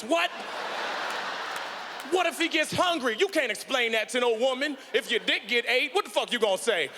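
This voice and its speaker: A man performing an animated stand-up set on a big theater stage, shouting his punchlines and acting out voices into a handheld mic, with live hall reverb. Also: extremely high pitch, fairly quick, noisy background. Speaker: stand-up comedian.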